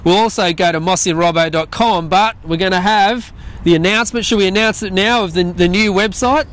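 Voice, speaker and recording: Australian male co-host, high voice, chatty and keen. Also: a little fast, a bit bright. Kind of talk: casual studio chat.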